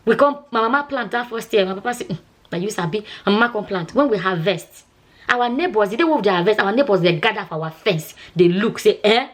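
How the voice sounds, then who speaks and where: A woman's voice: mid-range voice, animated, fast talker. A Nigerian woman vlogger and nurse chatting casually, telling a long story in Nigerian Pidgin and often asking "you understand?". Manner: chatty, repeats herself, asks "you understand?".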